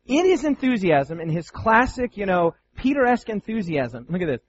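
A man preaching a sermon to Bible students, animated and playful, with many rhetorical questions. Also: sits high, normal speed, dull audio.

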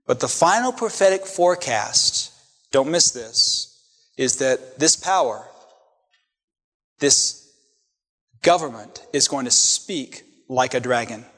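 A man's voice: medium pitch, expressive, slow, long pauses, a bit bright, in a large hall. A male pastor preaching a sermon to his congregation, emphatic, with rhetorical questions and repeated phrases. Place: church sanctuary.

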